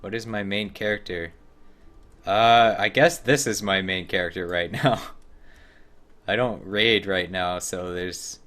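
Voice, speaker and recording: Wry streamer, low-ish male voice, casual gameplay chatter. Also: a bit bright. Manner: wry, chatty, talks to himself and to characters on screen.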